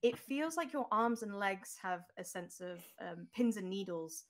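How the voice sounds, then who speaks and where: A woman's voice: mid-range voice, animated, measured pace. A woman game master narrating an online tabletop game in a loose, descriptive way, thinking aloud as she goes.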